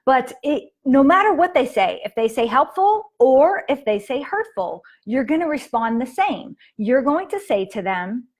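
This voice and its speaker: A woman's voice: high-pitched, big pitch swings, measured pace, hardly any pauses. A woman coaching parents in a casual live-stream lesson, chatty with fillers and acted quotes of children.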